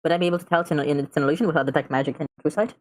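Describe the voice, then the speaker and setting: A woman's voice: deep voice, fairly even intonation, racing. A woman playing a tabletop game over a voice call mic, blunt and quizzical, swearing often. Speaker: player.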